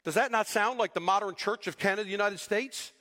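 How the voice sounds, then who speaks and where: High-pitched guy preaching in a church, big echoey hall, gets animated acting out quotes. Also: brisk. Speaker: pastor. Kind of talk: sermon.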